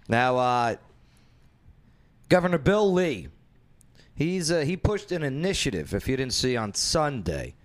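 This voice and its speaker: A man hosting a casual opinion talk show, blunt and jokey, animated and fond of asides. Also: fairly high pitch.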